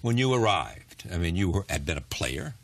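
A man with a very deep voice hosts a television interview. He opens with a scripted introduction, then moves into relaxed, probing questions, often prompting his guest mid-thought. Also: moderate pace, creaky.

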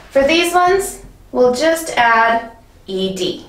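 A woman teaching an English grammar lesson in a clear, patient way, often checking in with the viewer. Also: high voice, big pitch swings, takes it slowly, fairly bright tone, roomy sound, far from the mic, a little hiss or hum, low-quality recording.

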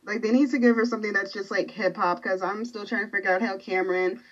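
A woman's voice: mid-range voice, steady tone. Chatty young-sounding woman, muffled audio. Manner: rapid storytelling with many "like"s. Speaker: podcast guest, fan. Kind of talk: casual chat.

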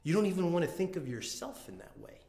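A man's voice: high-pitched, sing-song, fast talker, vocal fry, warm tone. Earnest man preaching in an echoey hall. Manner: earnest, conversational, with frequent restarts and acted-out quotes. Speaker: pastor. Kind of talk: sermon. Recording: echoey room.

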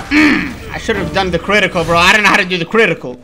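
A man commentating his own gameplay, yelling at a hard boss fight and swearing, with quiet mumbled asides between outbursts. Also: sits high, fast talker, few pauses, music in the background. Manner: shouts and yells at the game, swears, slangy. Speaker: gaming YouTuber.

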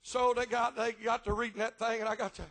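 A middle-aged man preaching a revival sermon, swinging between folksy storytelling in dialect grammar and chanted, shouted preaching punctuated by rhythmic "uh" breaks. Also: very high-pitched, flat delivery, fast talker, vocal fry.

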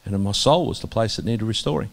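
Low-voiced aussie guy talking honestly in an interview, lots of restarts, goes quiet sometimes. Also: gravelly. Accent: Australian. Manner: earnest, halting, many restarts, drops soft when quoting God. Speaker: interviewee, minister. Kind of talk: candid conversational testimony.

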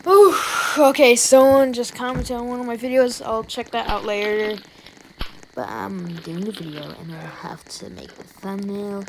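A woman with an Irish accent giving let's-play commentary as a YouTuber, talking to herself and reacting with jumpy, excited outbursts. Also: medium pitch, normal speed, background noise. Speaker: YouTuber playing a game.

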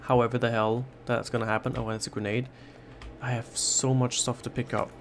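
A man's voice: medium pitch, flat delivery, brisk, a little hiss or hum. A man giving jittery, swear-filled commentary while playing a horror game, repeating himself when scared. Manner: panicky, swearing, repeating himself under stress. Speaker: gaming YouTuber.

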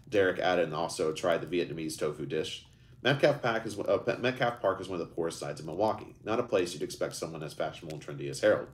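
A deep-voiced man reads his own book aloud in a live session. His pitch moves about a lot as he narrates, and he often trips over words and goes back to fix them. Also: fast talker. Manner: animated reading, raises pitch for characters, stumbles and restarts.

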